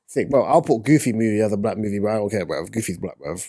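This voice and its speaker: A man's voice: on the low side, animated, fast, dark tone. A man co-hosting a casual chat podcast, joking and bantering with heavy slang. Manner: banter-heavy slang, says bro a lot, jokey. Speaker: podcast co-host.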